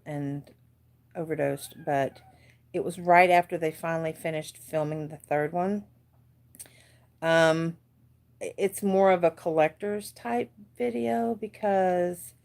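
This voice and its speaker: A woman in her forties with an American accent, hosting a casual crafting livestream from a dark room at home, chatty and easily distracted, laughing often. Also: on the low side, gravelly. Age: 40s. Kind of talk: casual live chat.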